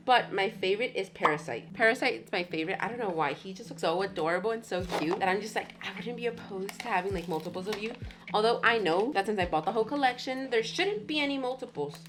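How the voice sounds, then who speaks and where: A woman vlogger chatting casually and gushing excitedly while unboxing, with background music under her voice. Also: mid-range voice, fast.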